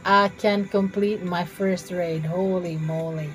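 A woman's voice: fairly low pitch, steady tone, slow pace, faint music behind, poor audio. A woman streaming a game from her room at home, chatting with viewers and laughing often. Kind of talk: live gameplay stream chat.

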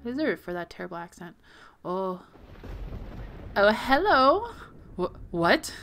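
A woman's voice: medium pitch, sing-song, a little slow, fairly bright tone, faint music behind. A young woman giving let's play commentary, reading game text aloud and reacting with worried exclamations. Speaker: gaming video host.

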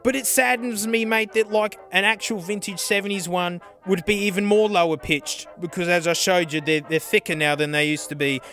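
A young man hosting a drum vlog, talking casually and excitably, going from low mutters to loud outbursts. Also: moderate pace, hardly any pauses, soft background music. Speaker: drum channel host.

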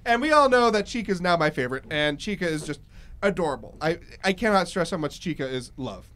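Excitable high-voiced male podcast host. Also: a little fast. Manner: excitable, laughs often, animated storyteller. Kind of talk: casual podcast chat.

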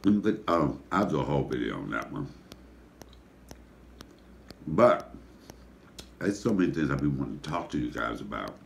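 A man with a deep voice, hosting a casual mukbang and telling animated, profane stories while he eats. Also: moderate pace, gravelly, pauses often, a little hiss or hum. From Detroit, USA. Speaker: comedian and mukbang host. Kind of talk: casual storytelling while eating.

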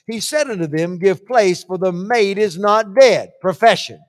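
A man preaching a sermon, swinging from hushed asides to shouted lists and acting out the voices he quotes. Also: sits high, expressive, unhurried. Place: church hall. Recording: long church-hall reverb.

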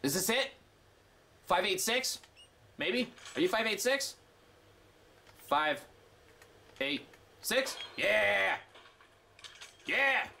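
A man chatting loosely over his gameplay, his voice sitting a bit high and leaping up and down as he reacts. He swears freely and gets excitable, with a faint hiss of noise behind him. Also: drawn-out words, creaky, pauses often. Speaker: gameplay streamer. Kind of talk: let's play commentary.

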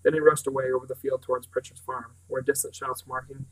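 A man's voice: mid-range voice, flat delivery, fast, poor audio. A man reading a novel aloud as narrator, now and then stumbling and restarting words. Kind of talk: audiobook reading.

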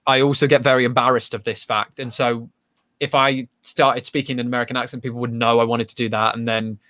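A man's voice: medium pitch, flat delivery, quick pace, pushed and bright. A man, a stage actor, chatting casually in an interview, self-deprecating and full of restarts. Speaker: actor guest.

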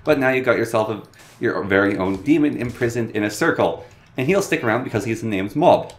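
A man's voice: lively intonation, brisk. A man hosting a casual, joking game tutorial in a playful manner. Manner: playful and joking, bouncing pitch.

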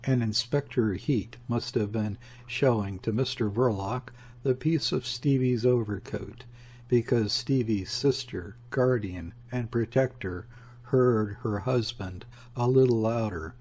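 A man narrating a classic novel in a slow, measured audiobook reading. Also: mid-range voice, a little mellow.

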